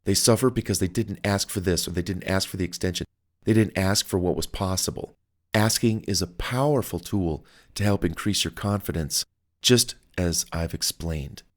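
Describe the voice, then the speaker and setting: A man's voice: low-pitched, moderate pace. A man narrating his own self-help audiobook in a chatty, coaching way. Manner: conversational, acts out quoted phone calls; upbeat and coaching. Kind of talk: motivational audiobook talk.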